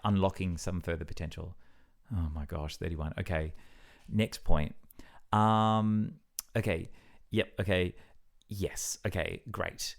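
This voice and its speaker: Rambling self-deprecating man. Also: sits low. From Australia. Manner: rambling, self-deprecating, many fillers and restarts. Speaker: vlogger. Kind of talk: casual reflective monologue.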